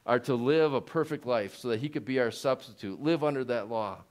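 Male pastor, mid-pitched, sermon delivery that swings from hushed and slow to loud and rising. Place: church.

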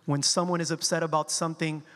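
A man from Colombia with a Spanish accent, preaching a sermon and telling stories with slow, emphatic quotes. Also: a little high, level tone, a bit bright, in a large hall. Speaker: pastor.

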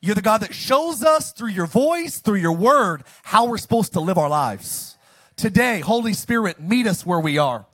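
A man preaching a sermon, animated, swinging from loud bursts to hushed lines and asking the congregation to answer back. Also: high-pitched, moderate pace. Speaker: pastor.

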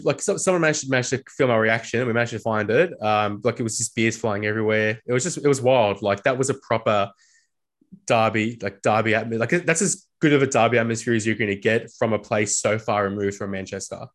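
A young man co-hosting a casual football podcast, rambling and quick to laugh, circling back through his sentences. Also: mid-range voice, fairly bright tone. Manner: rambling, laughs often, mocking impressions. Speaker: podcast co-host. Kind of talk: casual chat.

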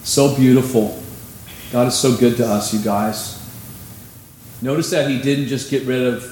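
A man preaching a sermon as pastor, conversational and animated, with sudden emphasis. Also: mid-range voice, a little slow, slight background noise. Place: church sanctuary. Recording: echoey room, faint ambience.

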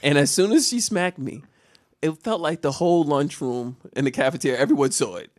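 A man's voice: on the high side, a little fast, no room sound, clean studio sound. A man telling a comedic story on a podcast. He laughs often and acts out the voices and sounds of other people.

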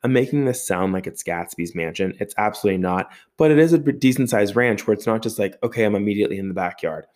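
A man telling a long personal story in a lively way, with sound effects and casual swearing. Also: lowish voice, quick pace, hardly any pauses. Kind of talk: storytelling monologue.

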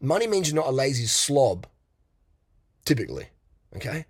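A man's voice: mid-range voice, big pitch swings, normal speed, breathy edge, dry recording, clean studio sound. A man hosting a podcast, talking in a blunt, crude, rambling monologue. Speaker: podcast host. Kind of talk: casual monologue.

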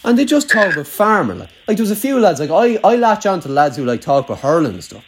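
Animated young Irish country lad. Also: male voice, high-pitched, fast, slightly rough. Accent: rural Irish. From Ireland. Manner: swears freely, rambling with many "like"s. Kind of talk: casual chat.

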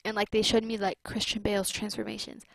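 A woman's voice: mid-range voice, little pitch movement, quick pace, vocal fry, no echo. A young woman in casual chat, slangy and profane, with lots of "like". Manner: slangy, swears freely, many likes.

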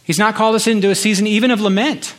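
An impassioned male pastor delivering a sermon. His voice sits fairly high, and he builds his points through repeated phrases broken by pauses. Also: fairly even intonation, fairly bright tone. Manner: impassioned, rhetorical repetition with pauses.

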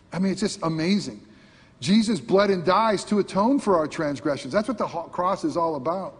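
A man preaching a sermon to his congregation, asking rhetorical questions and swinging between loud emphasis and quiet intensity. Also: high-pitched, breathy edge. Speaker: pastor. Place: church sanctuary. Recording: long hall reverb.

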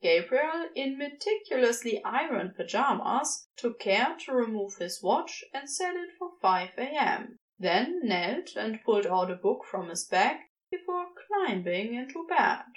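A woman reading a story aloud as narrator, with expressive delivery. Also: on the high side, unhurried, few pauses, poor audio. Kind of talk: scripted narration.

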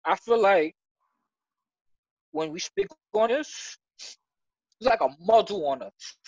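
A man giving an emotional personal testimony in conversation, earnest and halting, stumbling over restarts and near tears. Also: high voice, sing-song, gravelly, darkish tone, no room sound, dull audio. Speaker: church member sharing his story.

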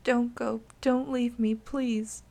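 A woman's voice: little pitch movement, slow, creaky, a little mellow. A woman doing a terrified tearful little girl. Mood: scared pleading. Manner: pleading, high and shaky.

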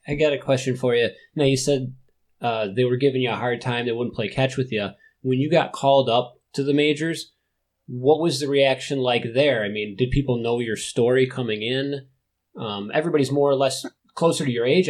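Curious male interviewer. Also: medium pitch. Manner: curious, asks follow-up questions. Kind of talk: casual interview.

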